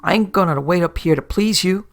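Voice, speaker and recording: A woman voicing a bossy, menacing dead sailor who was hanged, barking coarse orders in a gruff voice with a creaky, husky edge. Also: fairly low pitch, fairly quick. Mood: gruff, commanding.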